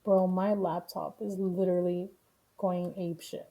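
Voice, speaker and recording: A woman's voice: fairly low pitch, little pitch movement, warm tone. Blunt, profane woman streamer. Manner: profane, blunt, quick to laugh. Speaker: streamer reacting to news. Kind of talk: casual live-stream commentary.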